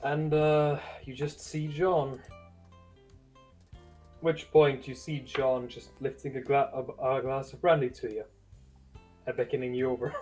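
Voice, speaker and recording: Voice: medium pitch, flat delivery, measured pace, long pauses, darkish tone, soft background music. A player in a tabletop game who casually and with amusement narrates what their own character does.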